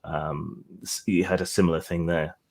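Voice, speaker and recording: Deep-voiced man. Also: level tone, moderate pace, gravelly. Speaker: co-host. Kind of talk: casual discussion podcast.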